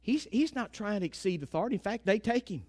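Brief: high-pitched male preacher, dramatic storyteller, hushed to loud. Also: lively intonation, fast talker. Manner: storytelling preacher, acting out quotes, swings from hushed to shouted. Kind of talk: sermon.

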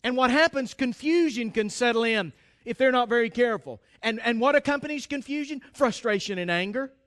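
High-voiced preacher, emphatic. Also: male voice, brisk, a bit bright. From United States. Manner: emphatic, repeats and restarts phrases, addresses the congregation directly. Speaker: pastor. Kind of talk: sermon.

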